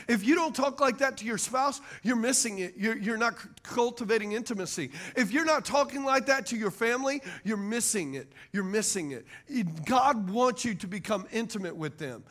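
A man delivers a sermon as pastor in a very high-pitched, somewhat bright voice. He calls out to the crowd for amens and agreement, call-and-response fashion.

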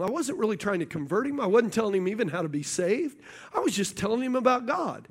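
A man with a high voice preaches to his congregation, mixing Bible verses with a story from his own working life. He keeps checking in with the room through quick questions and builds toward his points. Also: slightly rough. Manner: storytelling preacher, animated, asks the audience questions. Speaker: pastor. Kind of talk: sermon.

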